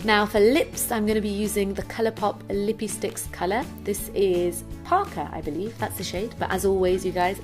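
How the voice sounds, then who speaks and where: A woman beauty vlogger talking through a makeup tutorial, bubbly and excitable in her chat and outro. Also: lowish voice.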